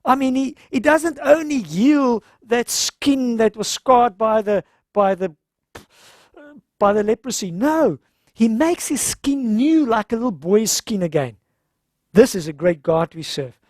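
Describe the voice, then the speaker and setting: Presenter, mid-pitched, retells Bible stories casually, dry close sound. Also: lively intonation, a little slow, darkish tone, no room sound. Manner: retells scripture informally, acting out the characters' lines. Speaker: health seminar presenter. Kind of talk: conversational Bible-story sermon.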